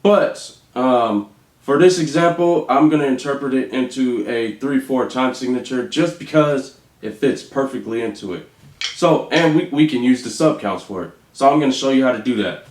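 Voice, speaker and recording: A man's voice: mid-range voice, a little mellow. Man counting drum rudiments in echoey room. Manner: counts beats aloud slowly and rhythmically. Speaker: drum teacher. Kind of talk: instructional demonstration. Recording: echoey room with faint noise.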